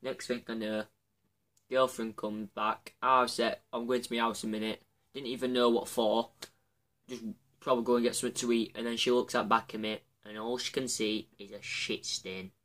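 In a flat, mid-range voice that's a bit bright and moderately paced, this Yorkshire man tells self-embarrassing tales on his channel. It's casual confessional storytelling, rambling and punctuated by his own laughter.

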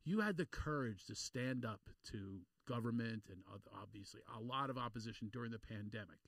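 Joking, animated male podcast host. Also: mid-range voice, fairly quick, no room sound. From Philadelphia. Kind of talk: casual interview chat.

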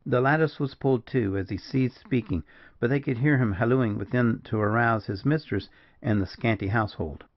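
A man's voice: lowish voice, brisk, vocal fry, dull audio. Man narrating a classic audiobook. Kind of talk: scripted narration.

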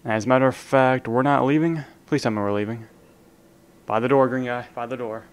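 A young man talking through a round of an online zombie game in a relaxed, joking way, counting his kills and ribbing the random players beside him. He leans in close to his desk microphone so his voice carries over the game. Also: mid-range voice, fairly quick, smooth. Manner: casual, joking banter at other players. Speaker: gaming channel host. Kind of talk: live gameplay commentary. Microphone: desk microphone, leaning in to be heard.

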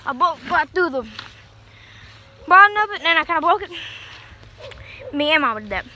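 A woman's voice: extremely high pitch, sing-song, normal speed, bright, forceful tone. Breathless young woman in a cornfield. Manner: chatty, rambling, talks to viewers. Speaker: vlogger. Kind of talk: casual vlog. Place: outdoors in a cornfield. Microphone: phone held in one hand. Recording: noisy outdoor phone recording.

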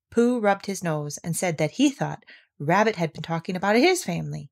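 A woman reading a children's story aloud with gentle, measured narration. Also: on the low side, expressive, vocal fry.

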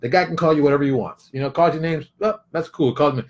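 A middle-aged man giving a casual opinion monologue, emphatic and animated, repeating phrases for effect. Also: fairly high pitch, fast. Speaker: commentary vlogger.

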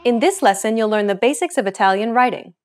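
A woman hosting a language lesson, reading a script with a clear, upbeat teacher's delivery. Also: a little high, quick pace, soft background music.

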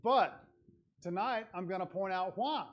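Heard through dull audio, another high-pitched lay preacher speaks unhurriedly in a church sanctuary. Earnest and conversational, his sermon builds toward emphatic stretches.

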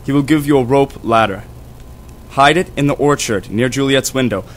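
A man's voice: medium pitch, normal speed, close to an everyday voice. A man playing Romeo, earnest. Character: young man in love. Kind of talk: school audiobook reading.

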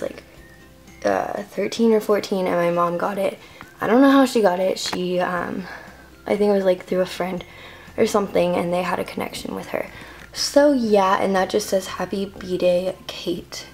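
A woman's voice: medium pitch, normal speed, darkish tone, soft background music. A teenage girl giving a rambling, filler-heavy room-tour vlog to a handheld camera in her bedroom. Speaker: vlogger.

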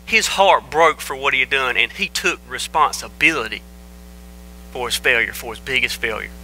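A man's voice: mid-range voice, normal speed, bright, forceful tone, a little hiss or hum, low-quality recording. A man preaching a sermon as pastor, emphatic and repeating phrases for stress.

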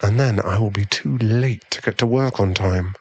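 A man voicing an affectionate young millionaire boyfriend in an ASMR role-play, talking in a hesitant, halting way. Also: fairly low pitch, husky, highs cut off. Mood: tender, torn. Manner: hesitant, halting, softly pleading. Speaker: ASMR performer.

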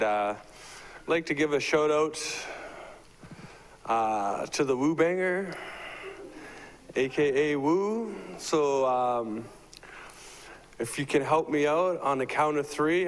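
A man's voice: mid-range voice, a little hiss or hum, rough recording. A man hosting a memorial gathering, talking casually with hesitations and leading the crowd in a chant.

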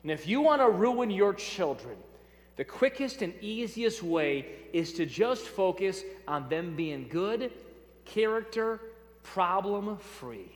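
A man with a high, bright-pitched voice preaches a sermon to his congregation. He speaks emphatically, hammering home key phrases through repetition and dropping in light asides to the crowd. His voice rings out with a long reverb through a church sanctuary. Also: sing-song, slow. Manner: addresses congregation directly, light humor. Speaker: pastor.

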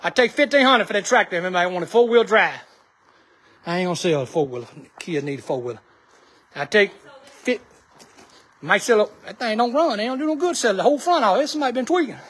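A man's voice: high-pitched, animated, fast, a bit bright, slightly rough, no room sound. A man talking casually in a vlog outdoors. He calls out short directions and then hawks things for sale in a joking patter. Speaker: vlog host.

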